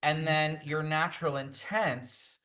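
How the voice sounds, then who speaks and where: Bright man explaining color series. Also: on the high side, steady tone, slow pace. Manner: explanatory, walks through slides. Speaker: hair color educator. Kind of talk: virtual class talk.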